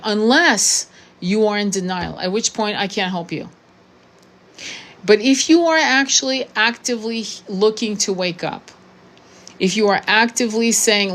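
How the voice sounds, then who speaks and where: Brief: woman, 60s, spiritual coach, blunt and profane, fired-up monologue, stumbles and restarts, mid-pitched voice. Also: a bit bright. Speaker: tarot reader and spiritual coach. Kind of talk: unscripted monologue to camera.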